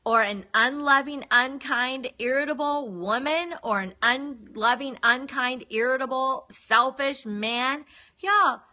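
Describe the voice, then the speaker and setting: Woman, high-pitched and earnest, talking as a relationship counselor on a phone stream with a sharp, ringing tone. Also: takes it slowly. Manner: earnest, chatty, repeats words for emphasis. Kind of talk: live-streamed advice talk.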